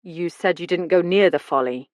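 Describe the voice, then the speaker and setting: A woman voicing a male police detective who questions a suspect in a measured, insistent way. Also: lowish voice, no room sound, close to an everyday voice. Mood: firm.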